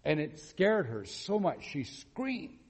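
A man's voice: a little high, takes it slowly, husky. A man preaching a sermon, telling a story, acting out the quotes and asking the congregation questions. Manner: animated, acts out quotes, asks the audience questions. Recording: long hall reverb.

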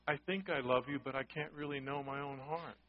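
A man's voice: mid-range voice, steady tone, fairly quick, muffled recording. A man preaching a sermon, talking conversationally and often asking the congregation questions. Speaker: pastor.

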